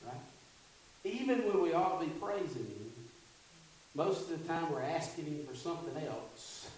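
A man's voice: fairly high pitch, animated, unhurried, a little mellow, a little hiss or hum. A male pastor preaching a sermon in call-and-response style, building to fervent peaks. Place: church sanctuary. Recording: echoey sanctuary from a distance.

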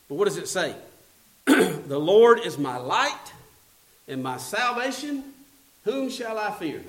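A male pastor preaching a sermon in call-and-response style, building to fervent peaks. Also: fairly high pitch. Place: church sanctuary. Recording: echoey sanctuary from a distance.

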